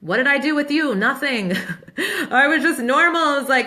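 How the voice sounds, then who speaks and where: Woman, 30s, business coach, casual live Q&A, chatty, upbeat, laughs easily, bright voice, slightly high. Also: expressive, moderate pace.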